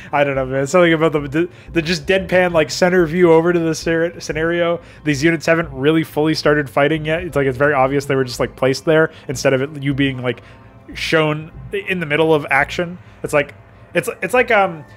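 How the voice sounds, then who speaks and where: A young man casually commenting on his own game campaign, self-mocking, swearing a lot and laughing often. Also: fairly high pitch.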